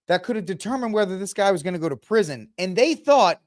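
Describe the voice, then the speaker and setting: A male podcast host with a lively, swooping voice that sits a touch high for a man, talking in a sarcastic and mocking way and slipping into put-on voices. His close-miked sound is dry, with no room around it. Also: quick pace, few pauses, no echo. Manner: sarcastic, animated, mocking voices when quoting. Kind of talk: casual commentary podcast.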